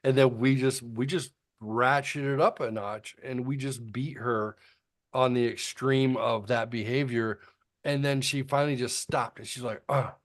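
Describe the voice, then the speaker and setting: A man's voice: medium pitch, steady tone, a little slow. A middle-aged man co-hosting a casual podcast chat, telling a long story bluntly, with plenty of fillers and the odd swear. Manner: rambling storytelling with frequent fillers. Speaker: podcast co-host.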